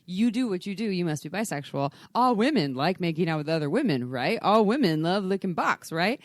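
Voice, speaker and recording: A woman's voice: lowish voice, sing-song, brisk, no room sound. A woman co-hosting a podcast, chatting casually in an earnest, rambling way. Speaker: podcast co-host. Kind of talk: casual chat.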